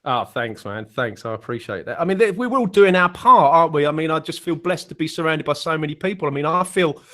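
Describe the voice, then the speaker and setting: A man's voice: a little high, expressive, fairly quick, sharp tone. English male guest on a video call, rambling and self-deprecating, restarts often. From England. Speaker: guest musician. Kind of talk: casual online panel chat.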